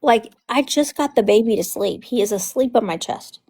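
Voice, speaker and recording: A middle-aged grandmother chatting casually, telling lively family stories and acting out the voices of the people in them. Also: fairly high pitch, normal speed, husky. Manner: animated, acts out quotes in voices, laughs often. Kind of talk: casual storytelling chat.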